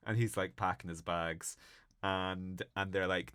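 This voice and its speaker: A man's voice: unhurried, smooth, no room sound, clean studio sound. A man co-hosting a podcast, chatting casually and animatedly retelling film scenes. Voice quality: swears casually. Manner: animated retelling with high-pitched mocking voices. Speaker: podcast co-host. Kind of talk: casual chat.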